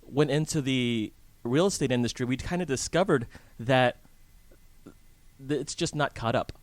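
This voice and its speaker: Casual male interview guest, mid pitch, dry studio sound. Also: moderate pace, no room sound. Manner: chatty, asks the hosts questions, restarts often. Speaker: real estate guest. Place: radio studio in a hotel.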